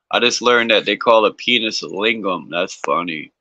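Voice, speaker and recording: A man's voice: lowish voice, moderate pace, bright, forceful tone, slight background noise. A man chatting casually, blunt and swearing now and then. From northeastern United States. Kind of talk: casual chat. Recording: dry, dull lo-fi call audio.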